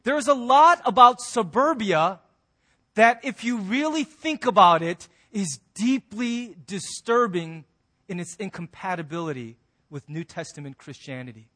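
A high-pitched man preaching as a pastor. He is emphatic and wry, swinging between loud, punchy lines and quiet, soft endings. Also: lively intonation, measured pace. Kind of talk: sermon.

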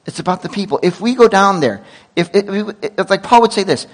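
Middle-aged man, pastor, sermon; bright high voice, lively anecdotal delivery with asides. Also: fairly quick, low-quality recording. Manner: animated storytelling with self-corrections and asides.

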